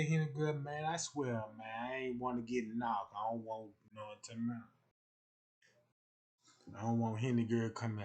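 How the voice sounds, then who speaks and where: A man's voice: medium pitch, steady tone, normal speed, a little mellow. A young man, rambling loosely on a casual livestream and acting out the voices he quotes.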